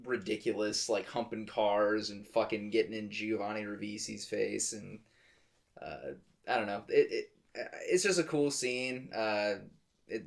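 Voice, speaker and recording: A man with a gravelly, fry-heavy voice chats on a movie podcast. He is relaxed and hesitant and leans on fillers as he gathers his thoughts. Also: fairly low pitch. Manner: laid-back, hesitant, lots of fillers. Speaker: podcast co-host. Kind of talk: casual movie-review chat.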